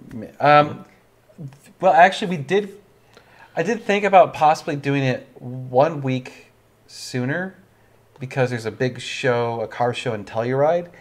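A young man hosting a casual livestream chat, tired and yawning, rambling and laughing often. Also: medium pitch. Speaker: livestream host.

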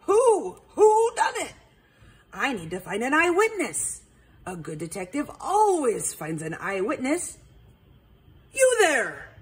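A woman's voice: on the high side, huge pitch swings, unhurried, husky, heavily acted. A woman voicing an eager, self-important male owl detective in a storybook read-aloud, exclaiming dramatically. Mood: dramatic. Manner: dramatic exclaiming, sing-song.

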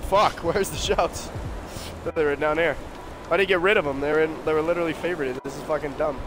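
A man's voice: fairly high pitch, fast talker, music in the background. A man doing casual gameplay commentary, joking, swearing and talking to his audience as he plays. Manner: crude, joking, swears often. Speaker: gaming streamer.

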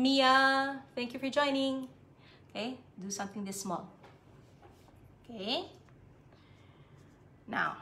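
A woman with a Filipino accent teaching young children a paper craft in a cheerful, slow, sing-song way. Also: a little high, sharp tone, a little hiss or hum. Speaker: preschool art teacher. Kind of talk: live-streamed craft lesson for children. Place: home on a live stream.

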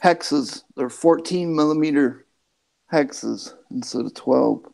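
A man chatting slowly in a relaxed live stream, drawing his words out and laughing readily. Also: fairly high pitch, vocal fry, poor audio. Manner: slow, drawn-out, laughs readily. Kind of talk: casual live chat.

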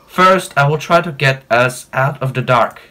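A man voicing a weak, loyal female game companion in a slow, earnest read. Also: mid-range voice, bright, forceful tone. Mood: urgent.

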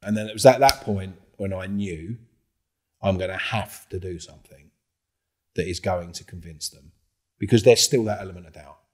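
A middle-aged man, a podcast guest telling a story in a casual, animated way, swearing freely and acting out the dialogue. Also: low voice, moderate pace.

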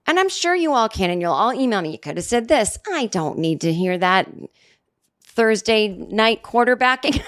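A woman's voice: on the high side, moderate pace. Rambling, sarcastic woman podcast host. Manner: rambling, sarcastic, self-interrupting, with many restarts; lively, jumping up for mock quotes. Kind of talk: casual comedic monologue.

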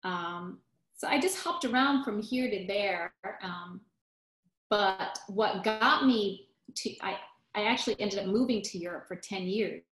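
A woman's voice: mid-range voice, a little slow. Woman telling stories in an echoey room. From United States. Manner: animated storyteller, acts out quotes, restarts often. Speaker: guest, musical theater actress. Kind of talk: casual interview storytelling.

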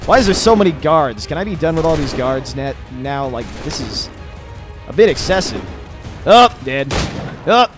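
A young man casually commenting over his own gameplay, chatty, swearing and reacting loudly to the fights on screen. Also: a little high, very animated, moderate pace. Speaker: gamer doing a let's play. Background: game music and gunfire.

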